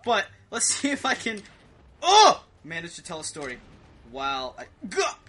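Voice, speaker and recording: A young man giving rambling, excitable commentary over a video game, swearing and yelping as he plays. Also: high-pitched, moderate pace, soft background music. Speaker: gaming video host. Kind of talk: rambling let's play commentary.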